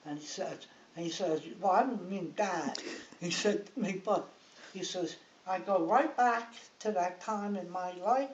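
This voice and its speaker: A woman's voice: fairly low pitch, measured pace, far from the mic. Older woman, grandmotherly storyteller, loose and rambling delivery; muffled, hissy home recording from across an echoey room. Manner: rambling, chatty, checks in with "right?" and "like". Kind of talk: casual storytelling. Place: living room, on a sofa.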